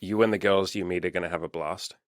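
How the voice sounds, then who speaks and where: A man's voice: low voice, steady tone, quick pace, no echo. A young man who works as a dating coach, talking bluntly and swearing freely in a casual podcast chat, acting out quotes in a raised voice. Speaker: dating coach and channel host.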